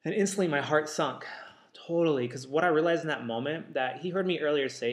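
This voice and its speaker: A man, an author and counselor, telling a personal story in a casual, reflective way, with many pauses and restarts. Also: on the high side, roomy sound. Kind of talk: casual talk to camera.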